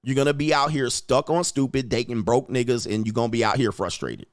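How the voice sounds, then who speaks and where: A man's voice: a little fast, dry recording. Blunt, lecturing man with a dry sound. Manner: acts out quoted women in a higher voice. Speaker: host. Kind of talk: livestream commentary.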